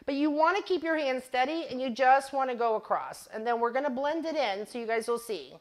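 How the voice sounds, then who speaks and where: Giggly and self-deprecating, a middle-aged craft channel host chats casually through her DIY livestream, laughing at herself while she demonstrates and tells stories. She talks fairly quickly in a high, animated voice.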